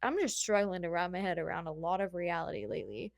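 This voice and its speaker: A woman's voice: on the low side, quick pace, creaky, dry recording. A young woman hosting a podcast, chatting casually about motherhood in a rambling, heartfelt way. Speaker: podcast host. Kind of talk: casual solo chat.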